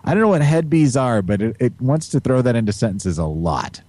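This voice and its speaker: A man's voice: medium pitch, very animated, fairly quick, a little mellow, no room sound. A man hosting a podcast, rambling and joking with a giggly, casual manner. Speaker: podcast host. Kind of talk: casual chat.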